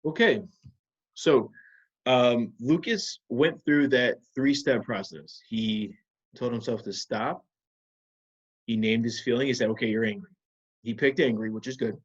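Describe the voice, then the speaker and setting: A man teaching a video lesson to children, patiently walking them through calming techniques with guiding questions. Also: medium pitch, measured pace, pauses often, slightly rough, muffled recording.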